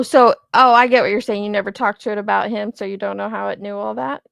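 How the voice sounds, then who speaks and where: A woman's voice: mid-range voice, animated, fast, gravelly, few pauses, a bit bright, dry recording, studio quality. A woman in her thirties, hosting a casual livestream and chatting loosely while she reacts to viewer comments. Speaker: commentary channel host.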